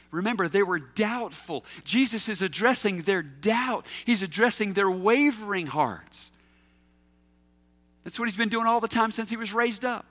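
A man delivers a sermon with an emphatic, teacherly manner, firing rhetorical questions at his listeners. His voice sits high and sounds bright, with lively swings in pitch. A long reverb from the hall trails after his words. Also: normal speed. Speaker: pastor.

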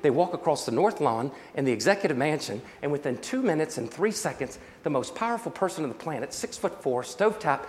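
Dramatic preacher in a reverberant auditorium. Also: male voice, on the high side, expressive, brisk, hardly any pauses. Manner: dramatic storyteller, calls for amens. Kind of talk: sermon with storytelling. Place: large auditorium.

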